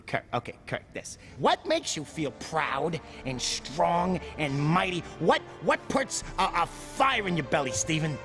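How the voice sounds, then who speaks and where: An actor playing an impatient casting director who stammers repeated words and brushes off an auditioner. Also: male voice, fairly high pitch, very animated, unhurried, hardly any pauses, big-room sound, over music. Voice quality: stammering repetitions, brusque. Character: impatient, fast-talking male casting director.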